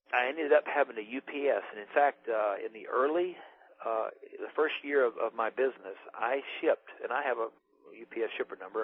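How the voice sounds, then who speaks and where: A man's voice: mid-range voice, breathy edge. A man from Alabama giving a rambling, folksy sales talk about his water business. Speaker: water ionizer distributor. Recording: tinny phone-line audio.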